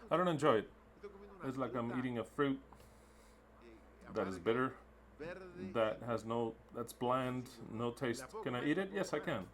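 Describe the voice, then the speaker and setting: A man's voice: mid-range voice, measured pace, long pauses, a crowd in the background. Emphatic male sermon interpreter. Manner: emphatic, repetitive, blunt.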